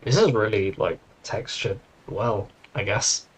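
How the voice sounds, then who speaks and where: A young man playing a game on stream, casually commenting in a puzzled, deadpan way and muttering to himself. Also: fairly low pitch, unhurried, slightly rough.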